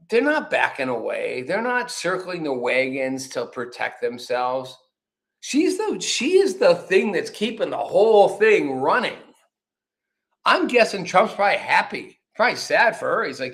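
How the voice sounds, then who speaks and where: A man's voice: fairly high pitch, sing-song, moderate pace, a bit bright. A man hosting a political commentary show, talking casually and rambling, swearing freely and acting out quotes. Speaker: show host.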